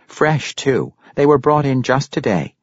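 A man's voice: medium pitch, big pitch swings, unhurried, dry recording, muffled recording, pitched above the performer's own voice. A man voicing a nervous, stammering woman fishmonger who defers to a powerful customer in an audiobook.

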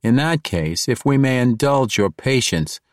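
A man doing a smooth, courtly dark elf rogue. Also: mid-range voice, lively intonation, unhurried, dry recording, clean studio sound, voice pushed up, lightly acted. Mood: smooth diplomatic. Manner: polished, ornate phrasing.

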